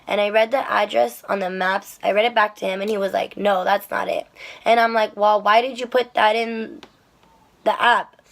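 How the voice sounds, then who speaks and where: A young woman telling a rideshare-driving story to the camera in a chatty, animated way, with lots of fillers and swearing. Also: mid-range voice, normal speed, creaky. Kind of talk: casual storytelling vlog.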